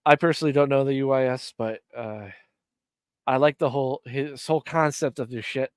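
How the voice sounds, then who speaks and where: A man's voice: medium pitch, a little fast, clean tone, no echo, clean studio sound. A man from Ireland hosting a live stream, chatting casually in rambling, profane, jokey rants. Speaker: stream host.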